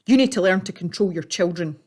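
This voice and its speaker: A woman voicing a grumpy, short-tempered old man who snaps and shouts. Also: lowish voice, expressive, a little fast. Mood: indignant. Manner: gruff, snapping, shouting.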